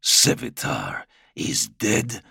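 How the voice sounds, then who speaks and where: A man's voice: sing-song, creaky, pushed and bright, breathy edge, dry recording, clean studio sound, full character voice. A man voicing a brooding, half-mad warlord prince. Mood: brooding menace. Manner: slow, low, menacing delivery.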